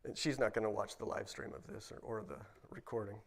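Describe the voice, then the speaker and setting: A middle-aged man from Ohio giving a personal testimony at a church service, rambling with restarts and fillers, and growing animated at exciting moments. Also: fairly low pitch, brisk. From Ohio, United States. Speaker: guest speaker at church service.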